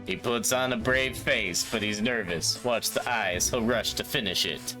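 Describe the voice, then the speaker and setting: A man voicing a gruff, world-weary hard-boiled male detective with a clipped, growling drawl. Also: on the low side, a little slow, over music, voice pushed down, natural voice.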